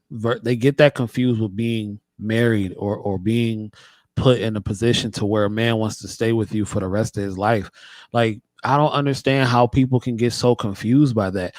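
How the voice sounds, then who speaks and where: A man hosting a podcast in casual chat, animated and acting out quoted voices. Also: medium pitch, dry recording, clean studio sound. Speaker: podcast host.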